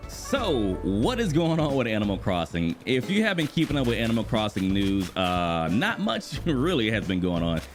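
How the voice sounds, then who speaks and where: A fairly low-voiced man in his thirties talks casually about a video game as he plays it. His delivery is chatty and animated, with background music clearly audible under his voice. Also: moderate pace, hardly any pauses. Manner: chatty, animated, laughs often, exclaims at the game. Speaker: gaming YouTuber and streamer. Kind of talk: casual gaming vlog commentary while playing. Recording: music bed playing clearly behind the voice.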